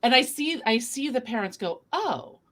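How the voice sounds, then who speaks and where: A woman hosting a conversational interview, explaining things briskly as an education lawyer. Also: a little high, fairly bright tone.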